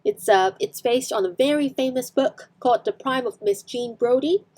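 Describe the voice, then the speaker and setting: Hong Kong-accented woman English tutor, a touch high-pitched, chatty explainer who restarts her sentences. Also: moderate pace, a little mellow. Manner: explanatory, with frequent fillers and self-corrections. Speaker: English teacher. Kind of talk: online English lesson explaining film clips.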